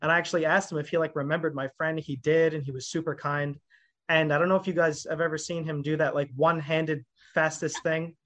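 A man guesting on a podcast, telling stories in an animated, rambling way full of fillers. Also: fairly high pitch, fairly quick. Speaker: guest musician. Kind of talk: casual podcast chat.

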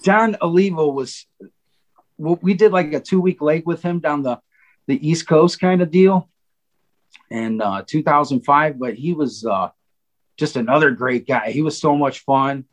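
A man's voice: a little high, measured pace, poor audio. A man telling stories in a casual podcast chat, rambling with many fillers and quoted asides. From Cleveland, Ohio. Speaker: guest drummer.

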